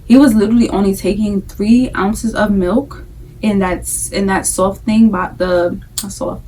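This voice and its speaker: A woman's voice: medium pitch, steady tone, a little slow, dark tone, distant mic, slight background noise, low-quality recording. A young adult woman talking casually to camera about her experience as a mother, candid and chatty, often repeating phrases for emphasis. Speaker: vlogger, breastfeeding mom.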